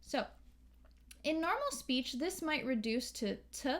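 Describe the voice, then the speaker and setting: An American woman teaching English pronunciation, slowly and carefully modeling sounds and words. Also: high-pitched, very animated. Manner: slow, careful, models sounds and sings lines. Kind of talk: pronunciation lesson with sung examples.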